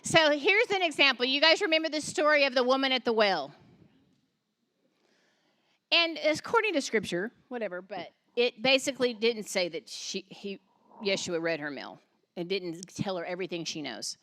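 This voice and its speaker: A middle-aged woman teaching a spiritual group in a conversational, animated way, often checking in with "okay?". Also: a little high, moderate pace.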